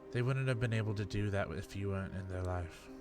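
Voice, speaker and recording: A man's voice: fairly low pitch, a little fast, music in the background. A man acting as game master in a live-streamed tabletop game, asking earnest, probing questions in character.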